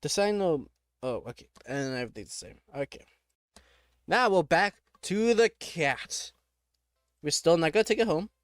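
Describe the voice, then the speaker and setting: A man's voice: fairly high pitch, animated, dry recording, clean studio sound. Young man reading a text game aloud. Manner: reads narration then reacts in quick, joking asides. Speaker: gamer.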